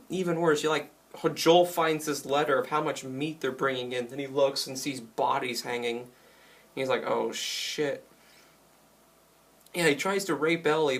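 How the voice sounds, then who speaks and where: A young man with a slightly high voice talks through a video game story in a loose, rambling way. He gets worked up retelling the action and fills his talk with likes and ums. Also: a bit bright. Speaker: game reviewer. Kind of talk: casual video game review.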